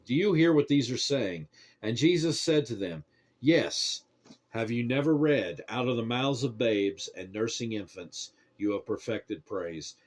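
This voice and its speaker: A man giving a plain scripture reading in a steady, measured cadence. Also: fairly low pitch. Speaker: Bible reader.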